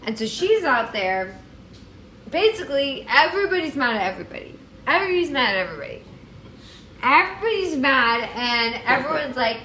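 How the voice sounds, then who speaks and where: A tipsy woman retelling a story in an animated, rambling comedic way. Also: high-pitched, a little fast, slight background noise. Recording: echoey room with music.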